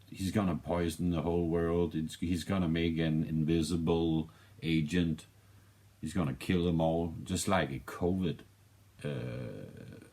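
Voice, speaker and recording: A man with a Danish accent talks through a film review in a loose, rambling way. His voice sits extremely low and he speaks slowly, often stopping to restart a thought. He swears casually as he goes. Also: warm tone. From Denmark.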